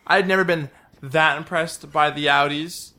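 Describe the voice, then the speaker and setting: A man with a bright, slightly high voice chatting about cars. He rambles, searches for words, and laughs a lot in a loose podcast conversation. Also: fairly even intonation, moderate pace. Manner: rambling, jokey, laughs often. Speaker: podcast co-host. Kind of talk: casual car talk podcast.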